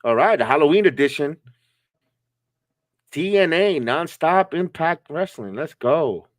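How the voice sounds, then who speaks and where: A man's voice: a little high, expressive, measured pace, no echo. Laughing man reacting live on stream. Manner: chatty, reacting with laughs and jokes. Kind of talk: casual wrestling watch-along commentary.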